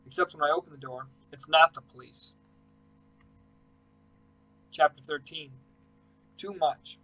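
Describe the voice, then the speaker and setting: A man's voice: a little high, fairly even intonation, a little slow, pushed and bright, low-quality recording. A man reading a first-person audiobook, telling the story in an emotional, intimate way. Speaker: audiobook reader.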